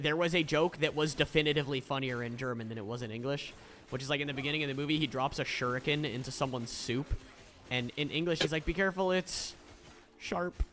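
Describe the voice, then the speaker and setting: A man's voice: mid-range voice, a bit bright, a little hiss or hum. A young man from Florida, chatting casually on a stream, swearing a lot and laughing often. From Florida, USA.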